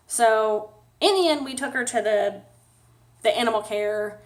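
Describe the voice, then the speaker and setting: A woman's voice: mid-range voice, a little slow. Woman vlogger, rambling and sad, with nervous little laughs while she talks straight to camera. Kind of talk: casual personal vlog.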